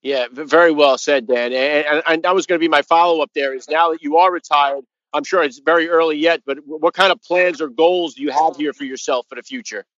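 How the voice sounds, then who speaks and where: A man hosts a podcast, firing off questions at a rapid pace with stammering restarts. His voice is a little high. The sound is dry and dull, like a lo-fi mic. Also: steady tone, a bit bright, dry recording. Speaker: podcast host. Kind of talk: interview questions.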